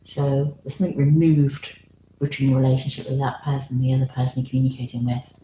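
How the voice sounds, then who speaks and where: A woman with a notably low voice speaks thoughtfully, pausing to find her words. The room is echoey, and a faint hiss sits behind her. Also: level tone, mellow. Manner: reflective, searches for words with ums. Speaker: podcast co-host. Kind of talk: casual conversation. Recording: roomy echo with faint noise.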